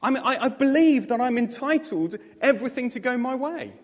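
A man preaching a sermon, animated and self-mocking, with jokey asides to the congregation. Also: extremely high pitch, brisk. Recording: long hall reverb.

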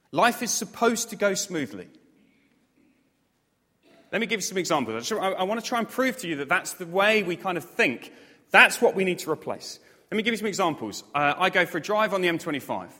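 Animated preacher in a reverberant hall. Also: male voice, high-pitched, moderate pace, long pauses. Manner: animated, self-mocking, jokey asides to the congregation. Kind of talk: sermon.

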